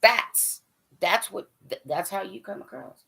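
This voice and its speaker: A woman's voice: medium pitch, lively intonation, unhurried, vocal fry, a bit bright, breathy edge. A woman hockey fan giving a blunt, profane, scolding rant straight to camera. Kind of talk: ranting monologue to camera.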